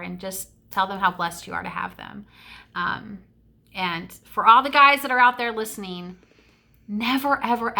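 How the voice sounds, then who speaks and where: A woman's voice: medium pitch, vocal fry, bright, forceful tone. A middle-aged woman telling childhood stories in a casual vlog, gushing and emotional, with lots of fillers. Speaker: vlogger. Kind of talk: casual storytelling.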